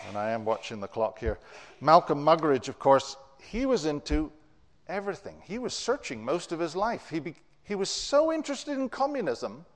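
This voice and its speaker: Man preaching in a reverberant hall. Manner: storytelling, with wide swings in pitch and loudness. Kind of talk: sermon. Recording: long reverb of a large hall.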